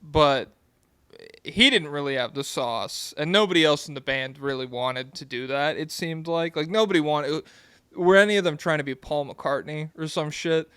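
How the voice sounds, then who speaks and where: Young male podcast co-host, rambling and laid-back, smooth voice, dry close-miked sound. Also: fairly high pitch, normal speed, fairly bright tone, no echo. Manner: rambling, laid-back, swears and giggles often. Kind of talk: casual chat.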